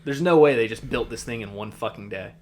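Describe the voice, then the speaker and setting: A man's voice: medium pitch, brisk. A man co-hosting a podcast, recapping an anime episode in a rambling, casual way with lots of fillers. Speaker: podcast co-host.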